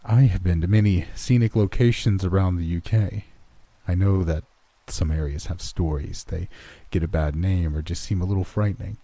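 A man plays a curious young businessman from the city in a horror story reading, brisk and blunt in his skepticism. The voice is deep and dark with a husky grain, recorded dry and close. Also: fairly even intonation, dry recording. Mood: confident.

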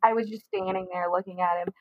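Telling her own story as an interview guest, a young woman rambles openly and fast, with "like" in almost every sentence. Her mid-range voice stays steady, and the audio is dry and phone-like.

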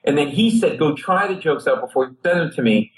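A middle-aged comedian from Rhode Island, speaking as a talk show guest, tells a long story and acts out the people in it with animated energy. His voice is fairly high-pitched and fairly quick. The recording quality is low.

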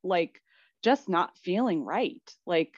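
A woman's voice: on the low side, animated, takes it slowly, breathy edge, no room sound. A woman co-hosting a podcast in casual chat, chatty and agreeable, often laughing. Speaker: podcast co-host. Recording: dry, slightly dull sound.

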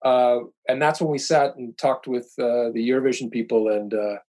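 A middle-aged man chats casually as a podcast guest, at an ordinary middle pitch. He rambles through his stories, stopping and restarting with plenty of fillers. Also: moderate pace, darkish tone, rough recording. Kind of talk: casual chat.

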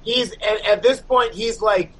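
A man's voice: high-pitched, measured pace, a bit bright, slight background noise, low-quality recording. A man in a band telling a long, rambling story in casual chat, swearing constantly and packing his talk with fillers.

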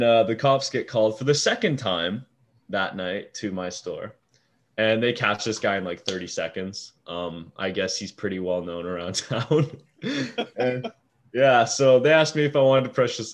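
A young man with a deep, low voice tells a story in loose casual talk. He swears freely and acts out the voices of the people in it. His pitch sits on the low side. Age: young adult. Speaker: fast-food shift manager.

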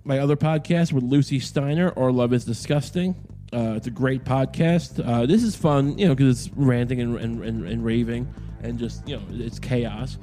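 A man riffing alone on his comedy podcast, his voice sitting in a middle pitch. He rambles crudely, stumbling through restarts and fillers as he goes. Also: warm tone. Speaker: podcast host. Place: solo podcast.

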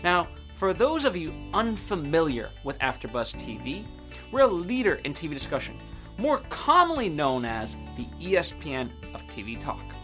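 A man's voice: fairly high pitch, huge pitch swings, moderate pace, bright, forceful tone. Earnest guy doing a scripted podcast talk, voice goes up and down a lot, faint music under it. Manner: earnest, reflective, emphatic. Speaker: podcast host. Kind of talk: scripted motivational monologue.

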